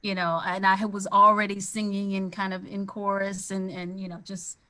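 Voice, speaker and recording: A woman's voice: medium pitch, flat delivery, normal speed, pushed and bright. A woman singer on a video call, speaking in an inspirational, rambling way. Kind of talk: casual panel chat.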